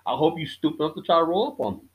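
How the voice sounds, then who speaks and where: A man's voice: on the high side, sing-song, racing, dull audio. A man talking straight to his audience in a casual, profane rant, blunt and defiant. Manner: blunt, defiant, swears freely.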